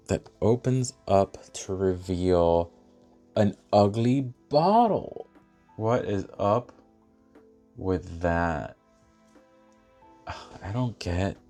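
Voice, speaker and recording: A man chatting casually while unboxing and reviewing fragrances, animated and thinking aloud with lots of fillers. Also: low-pitched.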